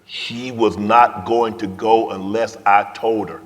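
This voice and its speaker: Deep-voiced man telling a moving story. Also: fairly even intonation, slow pace. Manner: emotional, swings from loud to hushed whispers. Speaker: guest speaker. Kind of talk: personal storytelling speech. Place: large event hall. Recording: long reverb of a large hall.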